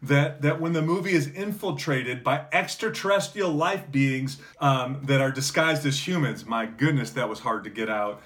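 A man's voice: medium pitch, normal speed, few pauses, fairly bright tone. Earnest male pastor preaching. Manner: earnest preaching with many fillers and restarts, rising to emphatic peaks. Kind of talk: sermon.

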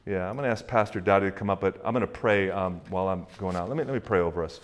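A man's voice: low-pitched, racing, few pauses. Man preaching in a casual, chatty way. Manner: conversational preaching with fillers and acted-out quotes; drops to a hushed, soft voice in prayer. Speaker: pastor. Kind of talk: sermon.

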